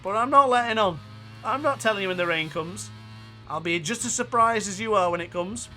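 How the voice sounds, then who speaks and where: A man with a northern English accent giving chatty, excitable gameplay commentary while racing, laughing often. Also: high-pitched, a little fast, soft background music.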